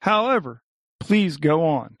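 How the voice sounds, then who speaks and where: A man's voice: a little high, very animated, slow, no echo, clean studio sound, heavily acted. A man voicing a perplexed, flustered male committee chairman who speaks hesitantly, in an audiobook reading. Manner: uncertain, hesitant.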